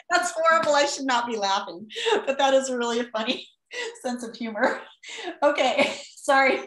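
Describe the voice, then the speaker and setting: A woman teacher running a playful class vote on a video call, animated, exclaiming and laughing often. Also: high-pitched, normal speed, echoey room.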